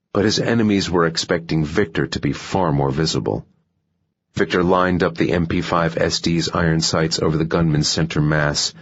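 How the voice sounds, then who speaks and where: A man reads a thriller audiobook in a steady, measured way. His voice sits very low and sounds husky. The recording is a little muffled. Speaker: audiobook narrator. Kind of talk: scripted narration.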